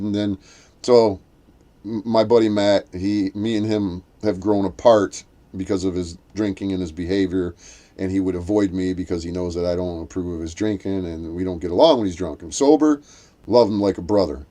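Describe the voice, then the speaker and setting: A man speaking at normal speed with a dark tone tells a rambling story during casual chat, restarting again and again. He raises his pitch to act out the voices he quotes.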